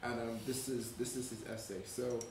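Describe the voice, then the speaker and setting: At a live panel in a museum event space, a Nigerian writer and playwright speaks thoughtfully, hesitating often. His mid-range voice is darkish, with little pitch movement and a moderate pace. The room is echoey, he's far from the mic, and there's a little hiss or hum.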